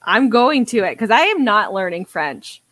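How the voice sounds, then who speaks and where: A woman's voice: mid-range voice, big pitch swings, moderate pace, a bit bright, no room sound. A young woman co-hosting a podcast, chatting casually in a giggly, self-mocking way. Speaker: podcast co-host. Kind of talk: casual chat.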